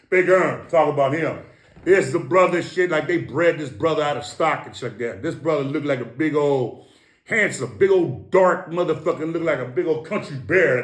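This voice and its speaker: A middle-aged man from East Los Angeles spins tales as an interview guest, boastful and profane. His voice sits a little high for a man and throws out punchy sound effects. The room rings with a roomy echo. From East Los Angeles, USA. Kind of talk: casual storytelling.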